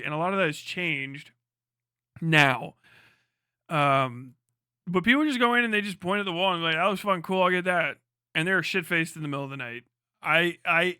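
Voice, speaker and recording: Young man, streamer, blunt profane ranting, high bright voice, dry close sound. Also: smooth, no room sound. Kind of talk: casual live-stream commentary.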